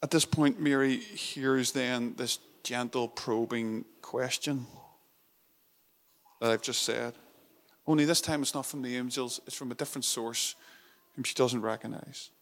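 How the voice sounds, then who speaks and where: Earnest male preacher with soft hushes. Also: mid-range voice, fairly even intonation, a little slow. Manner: earnest and intimate, dropping to a soft hush on tender moments; repeats phrases for emphasis. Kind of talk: sermon.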